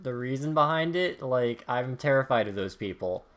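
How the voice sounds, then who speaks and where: A man's voice: medium pitch, lively intonation, normal speed, fairly bright tone. A man co-hosting a casual gaming stream, speaking in a laid-back and hesitant way.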